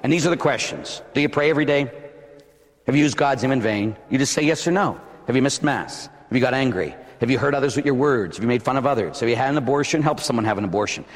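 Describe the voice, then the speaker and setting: A man, a Catholic priest, preaching a sermon in a blunt, joking, rapid-fire way. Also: mid-range voice, long reverb tail.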